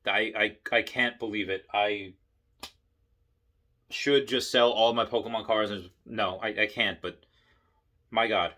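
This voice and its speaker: A man giving a casual, rambling monologue, excitable, with many restarts. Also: on the low side, unhurried, long pauses. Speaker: investing vlogger.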